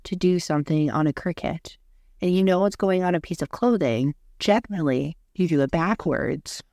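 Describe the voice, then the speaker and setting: A young woman co-hosting a podcast in casual chat, talking in a flat monotone, hoarse after losing her voice. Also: on the low side, normal speed, no echo, studio quality. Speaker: podcast co-host.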